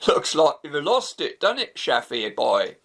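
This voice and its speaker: Male reader as a sneering rival, gravelly and slow. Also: a little high, wildly swooping pitch, a bit bright, heavily acted. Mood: mocking. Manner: mocking, sneering. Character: sneering young man, mocking rival.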